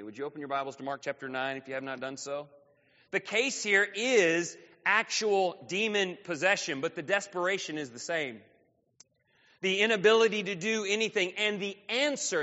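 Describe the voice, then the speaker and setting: High-voiced man preaching in an echoing hall. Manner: preaching with sudden swings between loud and soft. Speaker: pastor. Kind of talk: sermon. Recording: dull sound with long reverb in a hall.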